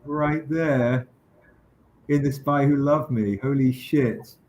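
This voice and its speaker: A man hosting a livestream, telling a story with lively quoted voices. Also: mid-range voice, slow. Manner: animated anecdote with quoted voices. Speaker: comic publisher hosting a livestream. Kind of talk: casual storytelling chat.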